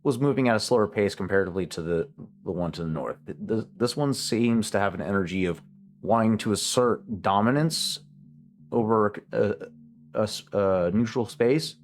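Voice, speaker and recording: A man narrates a tabletop game as its game master, describing the scene with frequent stops and restarts. His voice sits fairly low. Quiet music runs underneath. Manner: halting, many fillers and restarts while describing scenes.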